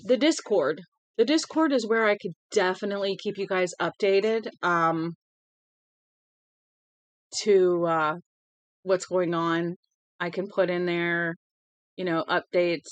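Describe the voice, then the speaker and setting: A woman with a fairly low voice hosts a read-aloud livestream and winds down afterwards with casual chat. She sounds tired and yawns as she talks. She rambles in a friendly way with lots of ums, recorded close and dry. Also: unhurried, long pauses, no echo. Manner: rambling, many filler ums and restarts; friendly, chatty with viewers. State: tired, yawning.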